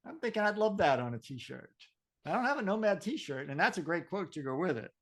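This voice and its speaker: A man's voice: high-pitched, expressive, fairly quick, fairly bright tone. A man co-hosting a podcast in casual chat, explaining things in a talkative way and laughing easily. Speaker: podcast co-host.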